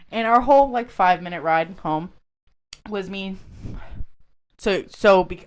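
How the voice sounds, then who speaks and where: A woman co-hosting a podcast in casual chat, telling animated, profane stories full of "like". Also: medium pitch, measured pace, long pauses, clear, resonant tone. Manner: animated, profane storytelling with lots of "like". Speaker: podcast co-host.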